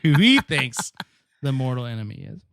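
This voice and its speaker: A man's voice: mid-range voice, sing-song, moderate pace, creaky, fairly bright tone, no echo, clean studio sound. A man hosting a podcast, chatting casually as he recaps a TV episode and patiently explains details with many restarts. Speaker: podcast host.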